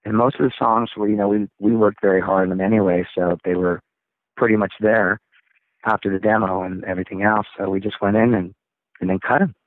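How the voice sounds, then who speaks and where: A man, a rock singer, telling stories in a casual interview, rambling and animated. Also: lowish voice, a little fast, no echo. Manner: rambling, animated storytelling with laughs. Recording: tinny phone line, dry.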